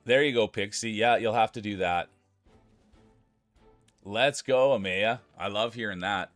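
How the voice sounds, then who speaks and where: A man streaming live, chatting casually and excitedly with his viewers and thanking them by name. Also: on the low side, measured pace, soft background music. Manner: excitable, talks straight to chat.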